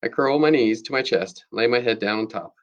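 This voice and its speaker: A man, a teacher, reading a novel aloud to his students in a steady, plain storytelling manner. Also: mid-range voice, a little fast, dull audio.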